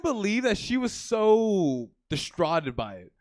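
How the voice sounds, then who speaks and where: A man's voice: high voice, sing-song, takes it slowly, dry recording, studio quality. A young man in his twenties doing a live stand-up set on a comedy theater stage, rambling and crude, with plenty of "you know" and "like".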